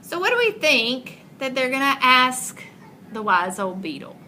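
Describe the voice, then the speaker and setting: A woman teacher reading a picture book aloud expressively and pausing to ask guiding questions. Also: high-pitched, sing-song, sharp tone, a little hiss or hum, rough recording.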